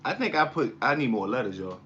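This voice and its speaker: A man's voice: mid-range voice, expressive, quick pace, fairly bright tone, lo-fi sound. A man hosting a casual live stream, eating while he talks back to comments in a rambling, blunt way. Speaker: livestream host.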